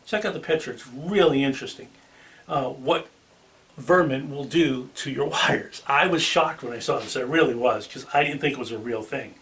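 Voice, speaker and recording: A man's voice: mid-range voice, normal speed, fairly bright tone, far from the mic. A man with a Boston accent hosting a car channel, talking casually to the camera with ums and restarts. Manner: chatty, with filler ums and restarts.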